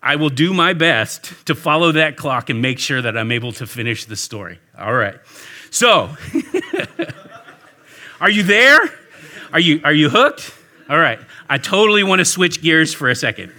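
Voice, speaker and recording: A man, a pastor, telling a lively story to a church audience and talking back and forth with them. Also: fairly high pitch, measured pace, long pauses. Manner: animated storyteller, talks with the audience. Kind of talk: storytelling sermon. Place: warm indoor church hall with an audience.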